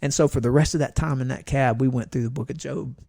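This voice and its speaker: A man in his forties, a pastor guest on a podcast, telling lively stories from his travels and acting out the people in them. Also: mid-range voice, fast talker, creaky, no echo, studio quality. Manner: lively storyteller who acts out the voices in his stories. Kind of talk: casual storytelling chat.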